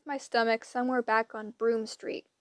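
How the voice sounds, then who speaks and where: A woman's voice: a little high, little pitch movement, moderate pace, no room sound. A woman reading first-person audiobook narration with wry storytelling. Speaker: audiobook reader.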